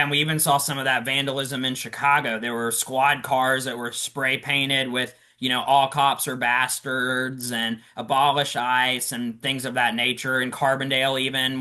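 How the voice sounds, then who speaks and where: A man with a bright, forceful voice co-hosts a casual political podcast. He argues his points with a wry edge and a conversational flow. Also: medium pitch. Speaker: podcast co-host.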